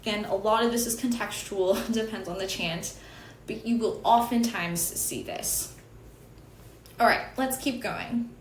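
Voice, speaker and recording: A woman with a middling voice teaches in a relaxed, talkative way, often rephrasing mid-sentence and adding friendly asides. Her voice rings around a reflective room, and a faint hum sits underneath. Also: mid-range voice, a little slow, roomy sound, low-quality recording. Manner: chatty, self-correcting, with little laughs and apologies. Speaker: chant teacher. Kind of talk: casual explanatory lesson.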